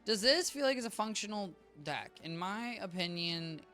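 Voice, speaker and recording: Bright-voiced tired streamer man, chatty. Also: sits high, expressive, moderate pace. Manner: rambling, self-interrupting, chatty with viewers. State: a little tired, low energy. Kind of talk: casual live-stream gameplay chat. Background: game music.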